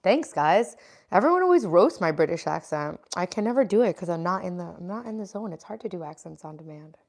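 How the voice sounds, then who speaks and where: A woman's voice: lowish voice, animated, fairly quick, darkish tone. A woman hosting a casual livestream, chatting and answering viewer comments as they come in. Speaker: livestream host.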